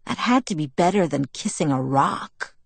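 A woman's voice: low voice, expressive, normal speed, creaky, breathy edge, no echo, full character voice. Woman reading a cocky teenage boy. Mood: teasing. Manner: easygoing, teasing, earnest. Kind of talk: audiobook dialogue.

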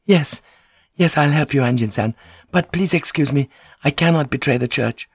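A man voicing a gentle, formally polite Japanese noblewoman who speaks softly and apologetically. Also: a little high, moderate pace, husky, no room sound, pitched above the performer's own voice. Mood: earnest. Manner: soft, apologetic, courteous.

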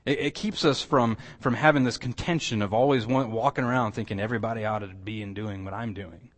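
Pastor guy teaching church class, lowish voice, chatty, keeps checking with the room. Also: steady tone, brisk. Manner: conversational, asks the room questions, restarts phrases. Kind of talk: sermon teaching, closing in prayer.

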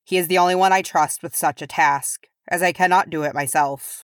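A woman voicing a proud, stern male dwarf lord who speaks grimly and slowly. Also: fairly low pitch, fairly even intonation, dry recording, studio quality, natural voice. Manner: grim, measured.

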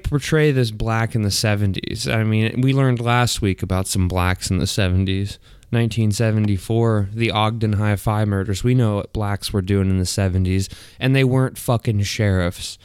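A man's voice: fairly low pitch, a little mellow, clean tone, dry recording, clean studio sound. A man hosting a podcast in crude, profane casual chat, often laughing mid-sentence. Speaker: podcast host.

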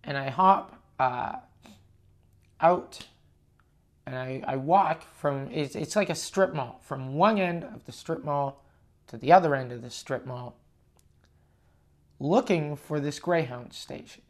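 A man's voice: a little high, takes it slowly, long pauses. Profane ranting young man telling a story. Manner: profane, ranting, self-mocking. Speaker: podcast host. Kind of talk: casual storytelling monologue.

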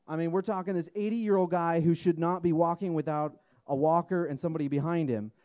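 Man, 30s, mellow-voiced, informal earnest sermon delivery. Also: fairly high pitch. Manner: earnest, conversational, often restarts and asks "okay?". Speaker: preacher.

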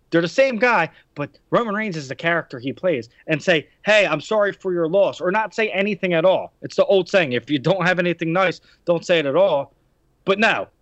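A man's voice: sits high, fairly bright tone, no room sound, dull audio. A man hosting a podcast who rants indignantly and swears freely in casual talk. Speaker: podcast host. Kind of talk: heated casual podcast rant.

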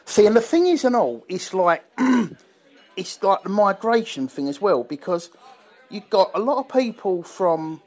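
A man's voice: high voice, sing-song, unhurried, darkish tone. A man co-hosting a podcast in casual chat, rambling with many restarts and fillers. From England. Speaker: podcast co-host. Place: London.

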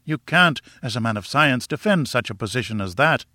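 This is scripted audiobook narration of a novel by a man with a mid-range voice. He tells the story in a steady, measured way, and the studio recording is clean and dry.

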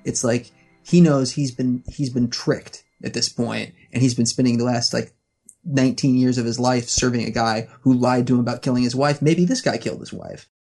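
Gravelly man musing in casual chat. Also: medium pitch, steady tone, moderate pace, darkish tone, faint music behind. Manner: thoughtful, restarts often.

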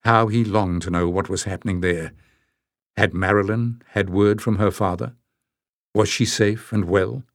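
A man narrating a storybook in a measured, even manner. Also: lowish voice, dry recording, clean studio sound. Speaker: audiobook narrator. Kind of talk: scripted narration.

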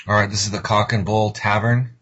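A man hosting a radio show who makes crude, mocking prank calls in a deadpan tone. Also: lowish voice, fairly quick, slightly rough. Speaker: radio host and prank caller. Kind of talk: prank phone call and radio banter. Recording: lo-fi radio recording.

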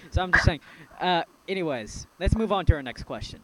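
A man's voice: on the high side, fairly quick. A man hosting a casual podcast, rambling and hesitant with many fillers while he answers listener questions. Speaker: podcast host. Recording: steady mains hum behind the voice.

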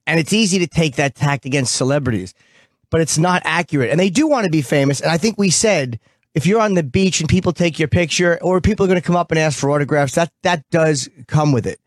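A man's voice: fairly high pitch, quick pace, dry recording. A man hosting a radio show, talking bluntly and profanely, telling stories with animation. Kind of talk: casual radio banter. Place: radio studio.

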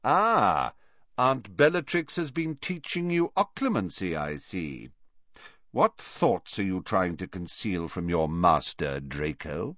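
Man playing a cold stern teacher, low and quiet, clipped and menacing, dull dry recording. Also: sing-song, normal speed, no echo. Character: cold, stern male schoolmaster.

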